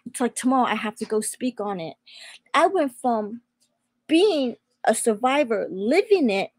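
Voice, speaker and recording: A woman's voice: fairly high pitch, sing-song, unhurried, no room sound. A young woman sharing her personal faith testimony as a guest, speaking fervently and repeating phrases for emphasis. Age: young adult.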